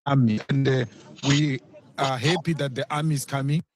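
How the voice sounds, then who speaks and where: A man, a politician, answering interview questions in a measured way with frequent hesitations. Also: medium pitch, steady tone. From South Africa.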